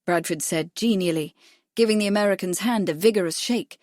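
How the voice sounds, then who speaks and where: A woman narrating an audiobook mystery in a measured, even reading, close to the mic. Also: medium pitch, no room sound. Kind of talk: scripted narration.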